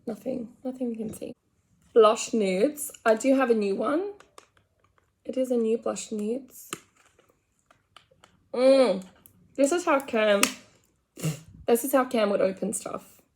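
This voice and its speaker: A young makeup vlogger from the Australian countryside chats frankly and rambles while doing her makeup at home. Her voice is on the high side and darkish in tone, her pace slow with long pauses. The casual commentary carries slight background noise.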